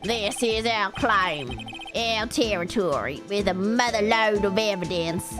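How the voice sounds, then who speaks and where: A woman voicing a laid-back cowboy detective man who talks in a slow western drawl over game music. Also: medium pitch, animated, voice pushed down, close to an everyday voice. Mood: drawling, lazy.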